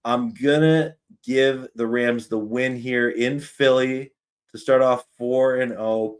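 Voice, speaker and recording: A man with a Canadian accent hosting a live sports fan stream, chatting in an excitable, talkative way. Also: medium pitch, takes it slowly.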